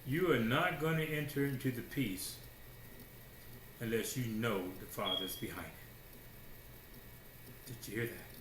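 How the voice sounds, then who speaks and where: A man preaching a sermon in a casual, slangy way, swinging between hushed asides and loud declarations with many rhetorical questions. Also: mid-range voice, measured pace, pauses often, noisy background. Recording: roomy echo.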